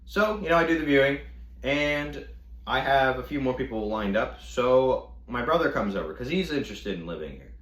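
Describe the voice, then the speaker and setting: A young man telling a storytime rant with animated, profane delivery. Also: medium pitch, normal speed. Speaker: vlogger. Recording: echoey room.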